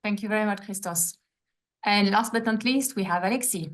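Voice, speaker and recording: A woman moderating an online industry panel, polite and measured, with frequent fillers. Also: mid-range voice.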